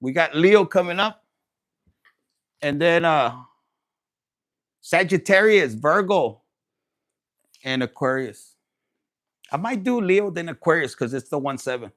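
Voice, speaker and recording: A man's voice: a little high, expressive, measured pace, pauses often, a bit bright. A man hosting a tarot livestream, chatting casually to viewers in a crude, playful, laughing way and mixing in Spanish words.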